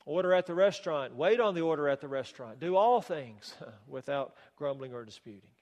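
A man's voice: fairly high pitch, animated, fairly quick, darkish tone, dull audio. A man preaching a sermon as pastor, emphatic and rhetorical, with touches of wry humor. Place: church sanctuary. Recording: long reverb of a church hall.

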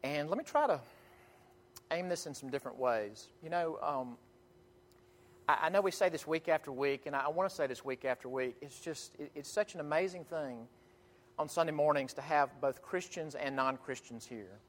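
A man preaching a sermon in earnest, emphatic tones, with dramatic pauses and frequent restarts, in a church sanctuary. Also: on the high side. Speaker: pastor. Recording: long hall reverb.

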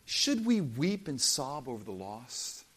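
A man's voice: medium pitch, sing-song, slow pace, slightly rough. A man preaching a sermon as pastor, impassioned and emphatic, acting out quoted voices.

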